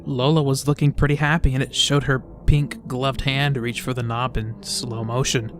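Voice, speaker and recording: A man's voice: mid-range voice, little pitch movement, normal speed, a bit bright, faint music behind. A man reading a story aloud with comedic commentary, exasperated, stammering and swearing as he reacts. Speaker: creepypasta reviewer.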